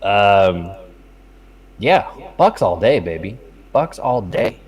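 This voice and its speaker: A young man with a voice on the low side speaks slowly as he co-hosts a casual sports betting podcast, swearing often and telling animated stories. The highs are cut off in the recording.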